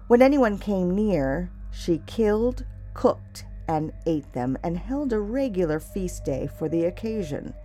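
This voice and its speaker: Slow, expressive woman telling a fairy tale. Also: on the low side, faint music behind. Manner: measured, expressive storytelling. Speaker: storyteller.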